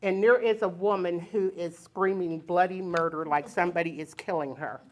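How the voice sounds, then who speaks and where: An older woman telling a personal story on stage, plain-spoken and lively, chuckling as she goes. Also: fairly low pitch, moderate pace. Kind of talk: personal storytelling before a live audience. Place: community center stage.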